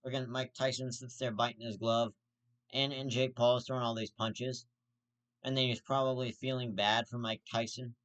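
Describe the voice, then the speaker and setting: A man's voice: medium pitch, level tone, moderate pace, a bit bright. A man hosting his own vlog, ranting heatedly with heavy swearing and repeated restarts. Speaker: host of a commentary vlog. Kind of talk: profane ranting commentary.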